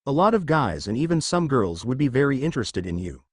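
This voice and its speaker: A man voicing a flustered young male ninja hero, gentle and reassuring, in a fan fiction audiobook. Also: medium pitch, big pitch swings, fairly quick, slightly rough, no room sound, studio quality.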